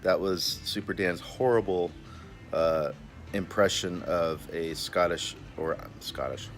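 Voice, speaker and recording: A man's voice: sits low, a little slow, soft background music. A man reviewing a cigar in a casual vlog, laid-back and chatty, who often calls himself by his own nickname in the third person. He is recorded outdoors in a backyard.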